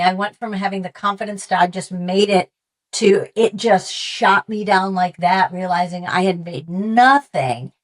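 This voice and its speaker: A middle-aged woman, a sports reporter, telling stories as a guest in a casual conversation. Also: mid-range voice. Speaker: NFL sideline reporter, guest.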